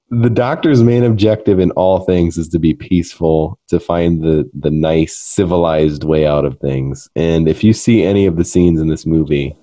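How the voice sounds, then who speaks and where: A man's voice: low-pitched, warm tone. A young man hosting a casual podcast, joking about himself and laughing often as he talks. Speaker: podcast host.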